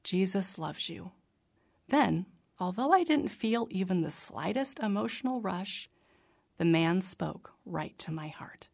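A woman reading her personal faith memoir aloud in an earnest, reflective manner, sometimes dropping to a soft whisper. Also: medium pitch, lively intonation, measured pace, creaky. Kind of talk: scripted narration.

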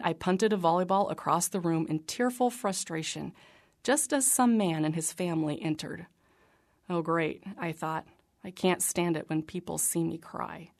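A woman reading her personal faith memoir aloud in an earnest, reflective manner, sometimes dropping to a soft whisper. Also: lowish voice, gravelly. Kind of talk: scripted narration.

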